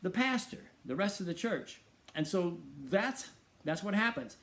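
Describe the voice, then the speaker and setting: A middle-aged man hosts a talk show in a high voice. He preaches emphatically and asks rhetorical question after question. He often repeats key phrases for weight. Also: very animated, a little slow, fairly bright tone. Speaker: radio show host. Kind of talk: preaching monologue.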